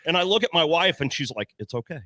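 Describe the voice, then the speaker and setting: A man's voice: on the high side, fast talker, no room sound. A man telling a story in a casual podcast chat, swearing often and acting out the other people's lines. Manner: animated, profane storyteller who acts out dialogue. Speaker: podcast panelist.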